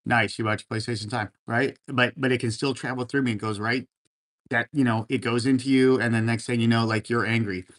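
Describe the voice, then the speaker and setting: A man's voice: mid-range voice, steady tone, fairly quick, fairly bright tone. A man hosting a casual livestream, reading out viewer comments and answering in a laid-back, encouraging way, often calling people man and brother. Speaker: livestream host. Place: room at home full of racing gear.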